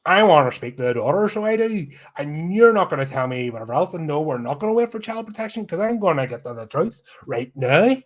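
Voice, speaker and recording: Brief: man doing a loud, blunt Northern Irish cop, bossy, pitched high. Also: big pitch swings, fairly quick, hardly any pauses. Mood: bullying. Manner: demanding, brusque. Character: blunt, pushy, angry male detective.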